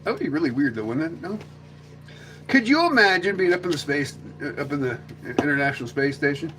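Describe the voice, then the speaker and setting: A man's voice: on the high side, sing-song, a little fast, over music. A man hosting a casual livestream chat, rambling and joking, often slipping into silly voices. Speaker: livestream host.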